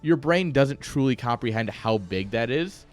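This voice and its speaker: A man's voice: mid-range voice, expressive, normal speed, soft background music. A man casting a strategy game on a live stream, rambling off-topic and joking at his own expense. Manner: rambling, joking asides, chuckles at himself. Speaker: esports caster.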